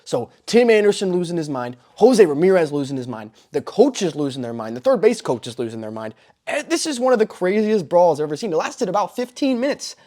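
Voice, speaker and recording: Excitable young man recapping baseball. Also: high voice, brisk. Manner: excitable, breaks into loud exclamations. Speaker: host. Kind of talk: excited sports recap commentary.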